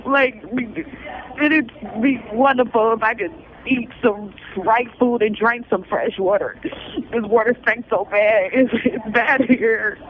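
A man's voice: very high voice, slow pace. A man making an emotional appeal for support, exhausted and pleading, with nervous laughs between his words. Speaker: person pleading for public support. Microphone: phone call. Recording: tinny phone line, faint noise.

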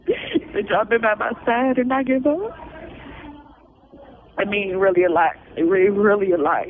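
A high-voiced, exhausted man pleads for help over a thin, tinny phone line. His words come out weary and begging, broken by nervous laughs. A faint hiss sits under the call. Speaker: person pleading for public support. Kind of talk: emotional spoken appeal.

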